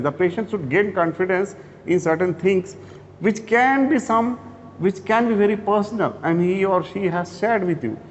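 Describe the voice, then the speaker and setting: A man's voice: fairly high pitch, darkish tone, slight background noise. A man with an Indian English accent giving a classroom lecture, talking conversationally, restarting phrases and checking in with "okay?". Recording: dull reverberant lecture hall.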